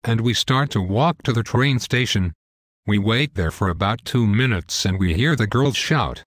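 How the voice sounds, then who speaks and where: A man's voice: on the low side, lively intonation, moderate pace, a bit bright, no room sound, clean studio sound. A young man telling a wild story in a casual, profane, matter-of-fact way. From United States. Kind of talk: casual scripted story narration.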